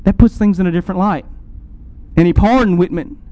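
A man preaching a sermon, building to emphatic swells and easing into slow, quiet pauses. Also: high voice, dry recording, dull audio. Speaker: pastor.

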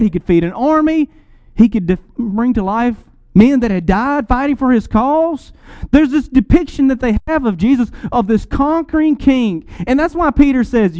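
Man preaching, high voice, smooth and resonant, dry close sound, dramatic rises and drops, teaching scripture. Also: dark tone, no room sound. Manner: dramatic, swells high on lists of titles and drops low for emphasis; explains scripture and Greek words in a teaching tone. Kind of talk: sermon.

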